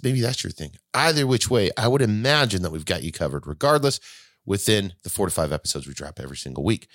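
A man's voice: on the low side, a bit bright, no room sound, clean studio sound. A man hosting his podcast alone, talking casually and rambling with frequent restarts. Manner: rambling, self-correcting, chatty. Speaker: podcast host. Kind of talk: casual solo podcast talk.

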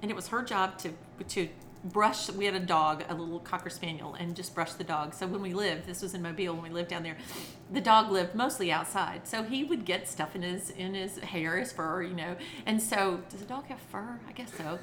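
A woman's voice: lowish voice, normal speed. A middle-aged woman, a children's entertainer, chatting as a podcast guest and animatedly acting out stories. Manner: animated storyteller who acts out quotes. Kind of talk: casual interview chat. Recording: noisy background.

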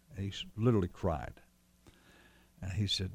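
A man with a fairly low voice tells a long story about an old friend. He rambles, restarts his sentences and acts out the dialogue. The sound is dry and close, with no room around it. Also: quick pace, pauses often, a bit bright, no echo. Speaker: storyteller guest recalling a friend. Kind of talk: casual conversational storytelling.

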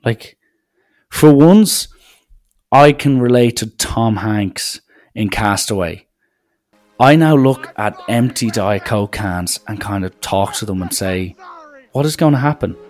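A man's voice: fairly low pitch, slow pace, a little mellow, faint music behind. A young man, rambling sardonically through a casual solo podcast. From Ireland. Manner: sardonic, rambling, mock-serious. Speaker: podcast host.

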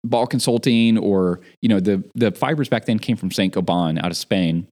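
A man in casual chat, telling an animated story about a job gone wrong. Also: lowish voice, moderate pace. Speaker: podcast guest.

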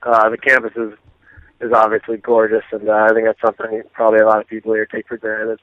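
A man's voice: on the low side, completely flat delivery, fast, dry recording. A college senior hockey player in his twenties, answering in a laid-back, hesitant way. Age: 20s. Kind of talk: casual interview chat. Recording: dull lo-fi audio.

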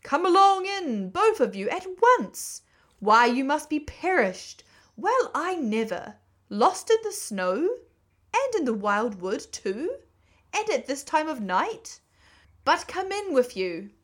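A woman voicing a gruff old male badger from a storybook, who is suspicious at first and then kindly and paternal. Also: mid-range voice, expressive, moderate pace, fairly bright tone, lightly acted. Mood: warm.

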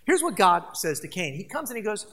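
A pastor preaching a sermon in an animated way, asking the congregation rhetorical questions. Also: medium pitch, fairly quick.

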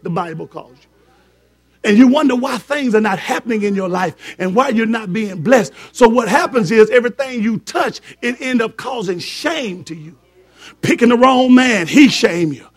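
A man preaching a fervent sermon, repeating words for emphasis and joking with his congregation. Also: extremely high pitch.

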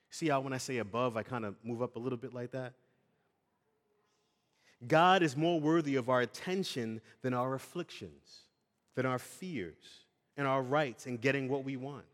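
A man's voice: medium pitch, normal speed. Man preaching in an earnest, dynamic sermon delivery, voice carrying a long hall echo.

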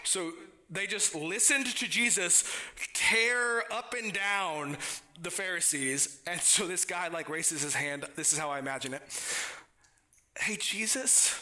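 Guy preaching in a church, really bright sharp voice, chatty, trips over his words a lot. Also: high-pitched, unhurried. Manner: conversational, with frequent restarts and playful asides. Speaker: pastor. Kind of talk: sermon.

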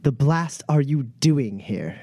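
A smooth-talking male smuggler with a silky, falsely friendly charm, as a game master puts him on. The voice sits higher than the man's own, with a dark, mellow tone. It is recorded close and dry. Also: animated, slow pace, no echo. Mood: irritated.

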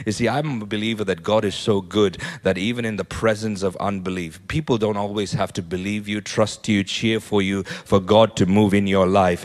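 A man preaching a sermon in a church, animated, often repeating words and building to loud peaks. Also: fairly low pitch, moderate pace, hardly any pauses. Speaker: pastor. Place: church hall.

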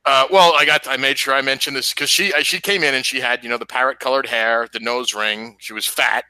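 A man's voice: medium pitch, steady tone, fairly quick, bright, forceful tone, dry recording, low-quality recording. A man appearing as a guest on a casual podcast, telling stories in a provocative, joking way. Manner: provocative, storytelling, laughs at own jokes.

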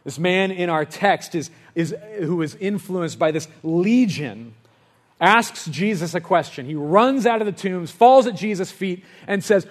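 A young man preaching a sermon, moving from hushed storytelling to loud, impassioned pleading. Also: high-pitched, expressive, a little slow. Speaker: pastor.

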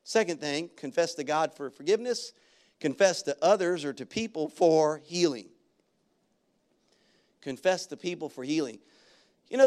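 A male pastor preaching a sermon, talking in a loose, conversational way and breaking into loud, excited shouts. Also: high-pitched. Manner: animated preaching that jumps into loud shouted bursts; conversational storytelling with casual slang. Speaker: guest pastor.

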